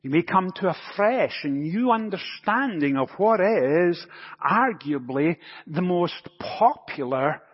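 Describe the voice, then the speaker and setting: Pastor, male, a touch high in pitch, husky, in a dull recording with a long church echo. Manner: anecdotal, gently humorous storytelling. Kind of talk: sermon.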